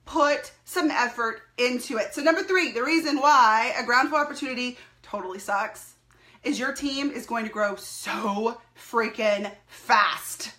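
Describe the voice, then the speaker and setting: A woman talking to live-stream viewers as a network marketing team leader, emphatic and animated, repeating her points and laughing often. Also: on the high side.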